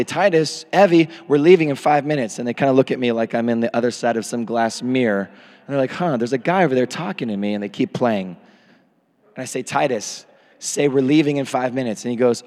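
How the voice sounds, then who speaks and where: Animated preacher man in a reverberant hall. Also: mid-range voice. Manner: animated, swings from hushed asides to shouted peaks. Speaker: pastor. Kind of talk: sermon. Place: church hall. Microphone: handheld or podium microphone.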